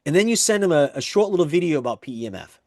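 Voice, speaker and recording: A man presenting a network marketing pay plan, walking through examples in an eager, repetitive sales pitch. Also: big pitch swings, very fast, darkish tone, no room sound, studio quality.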